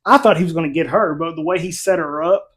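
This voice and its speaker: A middle-aged man hosting a casual review chat, animated and quick to laugh as he retells scenes. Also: a little high. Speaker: reviewer, channel host.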